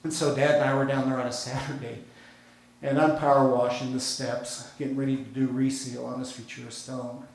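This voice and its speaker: A male pastor with an American accent delivers a sermon in a relaxed, storytelling way, full of folksy asides. His voice sits at an ordinary middle pitch. The recording comes from a church sanctuary with a heavy, booming echo. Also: a little fast. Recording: very echoey church hall.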